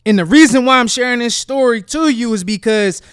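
A man hosting a casual solo podcast, telling a story and acting out the people in it with lively quoted voices. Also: very high voice, brisk, clear, resonant tone, no room sound, studio quality. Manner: animated storytelling with acted-out quotes. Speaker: podcast host.

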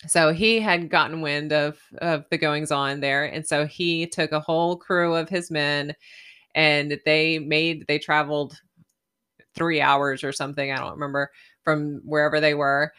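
A woman podcast co-host telling a story in a chatty, animated way, often laughing. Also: sits low, unhurried, smooth. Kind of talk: casual storytelling.

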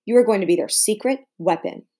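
A woman voicing a bossy but encouraging adult tutor in a novel read aloud, talking firmly and briskly. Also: medium pitch, dark tone, close to an everyday voice. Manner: brisk, firm and upbeat.

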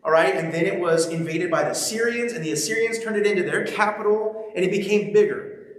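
A man's voice: high-pitched, a little fast. A man preaching a sermon, reading scripture and then talking with the congregation in a conversational, humorous way, often checking in with them. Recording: very echoey large hall.

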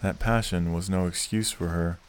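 A man reading a classic novel aloud as an audiobook narrator, measured and unhurried. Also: low voice, fairly even intonation, clear, resonant tone.

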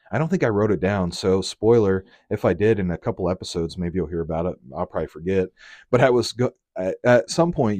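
A young man hosting a casual solo podcast, rambling and swearing often, acting out lines in quick voices. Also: on the low side, a little mellow, dry recording. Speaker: podcast host.

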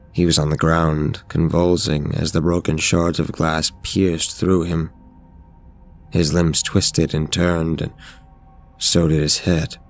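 A man narrating a scripted horror story in a measured, steady way. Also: very deep voice, gravelly.

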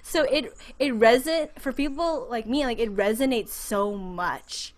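A woman's voice: on the high side, unhurried, slight background noise. Woman guest acting out quoted voices. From United States. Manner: animated, acts out quoted voices. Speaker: podcast guest. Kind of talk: casual interview.

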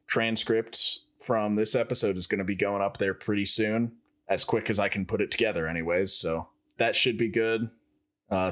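Joking low-voiced male co-host. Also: fairly bright tone. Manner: chatty, joking, rambling with fillers. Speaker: podcast co-host. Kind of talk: casual chat.

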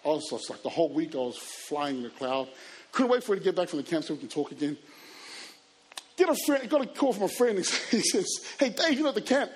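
A man telling personal stories to a live audience, animated and acting out scenes and voices. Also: a little high, a little fast. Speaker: youth speaker. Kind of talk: storytelling talk to an audience.

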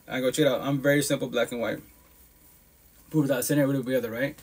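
A man's voice: mid-range voice, little pitch movement, fast talker, darkish tone, slightly rough. A man hosting a live podcast stream, talking bluntly and profanely in a casual monologue, with emphatic asides. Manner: blunt, profane, emphatic talk with frequent laughs.

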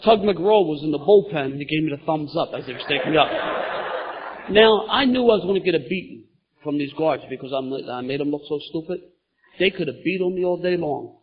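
A middle-aged man telling his recovery story at a meeting, lively and laughing as he goes. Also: a little high, a little fast, noisy background. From Philadelphia, USA. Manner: animated storytelling, gets loud and laughing at funny parts. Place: meeting room in front of an audience. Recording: dull lo-fi meeting recording.

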